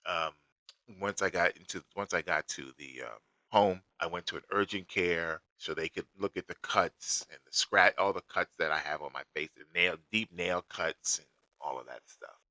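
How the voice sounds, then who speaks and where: A man tells a personal story in a blunt, emphatic monologue. His voice sits very low but carries a sharp, forceful edge, and the sound is dry and close with no room around it. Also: moderate pace, no room sound, rough recording. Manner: blunt, emphatic, recounting events step by step.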